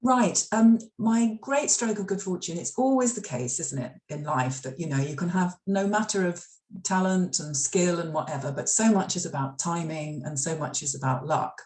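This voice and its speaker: A middle-aged author from the United Kingdom, previously a radio drama scriptwriter, is interviewed in a library event room with an echo. Her fairly low, darkish voice moves at a moderate pace as she chats through stories, with frequent fillers and restarts.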